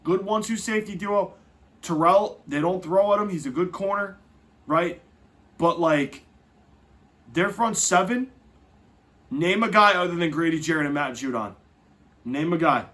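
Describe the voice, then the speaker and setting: A man's voice: high-pitched, normal speed, pauses often. A man hosting a football podcast, talking casually and correcting himself as he goes. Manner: lively, swings loud and soft, self-correcting. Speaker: podcast host. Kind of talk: casual sports podcast talk.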